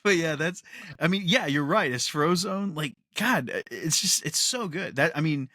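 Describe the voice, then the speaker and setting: A man's voice: a little high, expressive, moderate pace, sharp tone, no room sound, studio quality. A man co-hosting a podcast in a casual chat, rambling with enthusiasm and laughing often. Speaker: podcast co-host.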